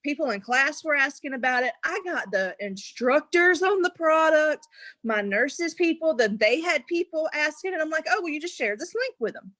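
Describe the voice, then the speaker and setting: A woman's voice: high-pitched, normal speed, no echo. A young adult woman, a guest in an interview, telling her story casually and acting out what people said, laughing often. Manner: animated, acts out quotes, laughs often.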